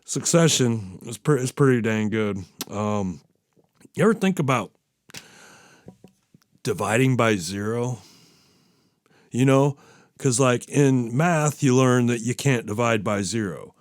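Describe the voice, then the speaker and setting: A man's voice: mid-range voice, no echo, studio quality. A man hosting a podcast, talking in a casual, rambling way with plenty of fillers and self-deprecating asides. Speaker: podcast host. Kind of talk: casual solo podcast chat.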